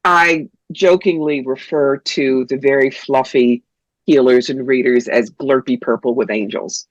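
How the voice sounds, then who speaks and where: A woman's voice: a bass voice, measured pace, no room sound, muffled recording. A woman from New York, a psychic telling frank, funny stories as an interview guest. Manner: blunt, animated, funny storyteller. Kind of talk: interview, storytelling.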